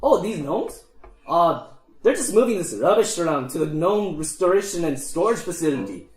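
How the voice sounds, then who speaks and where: A man's voice: fairly high pitch, very animated, normal speed. A man voicing a male dwarf guard who talks in a casual, dismissive way. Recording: echoey room.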